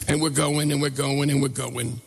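A middle-aged man telling a comic story in an animated, self-mocking way. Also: medium pitch, normal speed. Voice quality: gravelly. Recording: long reverb hall.

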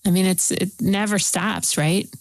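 A woman's voice: mid-range voice, fairly even intonation, unhurried, no room sound, low-quality recording. A woman hosting an interview, offering thoughtful, empathetic reflections. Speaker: host.

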